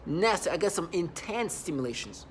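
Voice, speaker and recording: A man talking to camera in a rambling, halting monologue, repeating words and stressing points earnestly. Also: high-pitched, big pitch swings, background noise. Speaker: vlogger.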